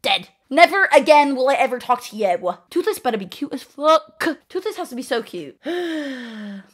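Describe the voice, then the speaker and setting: A woman's voice: on the high side, fairly bright tone. Chatty young woman rambling. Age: 20s. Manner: chatty, jumps between tangents, swears casually; slips into playful put-on accents. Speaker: host. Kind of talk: rambling casual monologue.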